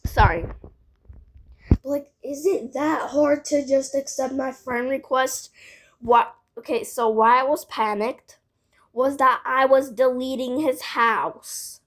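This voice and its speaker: A woman's voice: sits high, fairly even intonation, slow. A female voice telling a casual storytime vlog, rambling with lots of "like" and side remarks. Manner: rambling, filled with "like", frequent asides.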